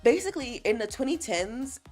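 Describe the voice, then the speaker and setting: A woman streamer chatting casually and playfully. Her voice leaps up and down, and she laughs through her lines while reading out chat messages and teasing her viewers. Faint music plays quietly behind her. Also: a little high, very animated, fairly quick. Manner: laughs often, reads chat aloud and answers it. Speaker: livestreamer.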